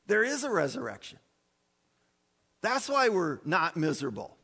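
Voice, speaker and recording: Man preaching, gravelly voice, bit high, lots of uh and restarts, big church reverb. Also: wildly swooping pitch, moderate pace, pauses often, sharp tone. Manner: emphatic preaching with many fillers and restarts. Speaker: pastor. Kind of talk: sermon.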